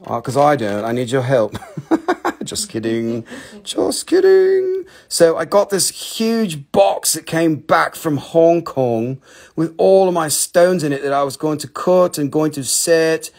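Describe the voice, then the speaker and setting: A young man runs a live sales show in a gravelly, fry-heavy voice that sits a little high. He jokes, teases his viewers and swears offhandedly. Now and then he drops into silly put-on voices. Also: lively intonation, measured pace, darkish tone. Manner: joking, teasing, swears casually, swings into silly put-on voices. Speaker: host selling minerals on a live stream.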